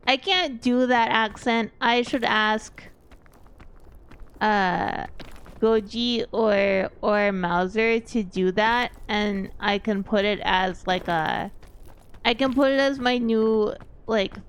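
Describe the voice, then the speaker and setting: Slow, rambling woman from East Texas. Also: on the high side, smooth. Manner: rambling, thinks aloud with frequent pauses. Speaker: streamer. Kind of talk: casual stream chat.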